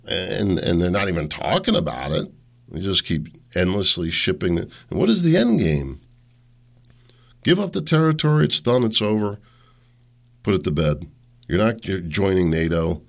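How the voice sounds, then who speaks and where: A man's voice: deep voice, animated, normal speed, creaky, pauses often. A man hosting a solo political talk show, blunt and sarcastic, rambling with restarts.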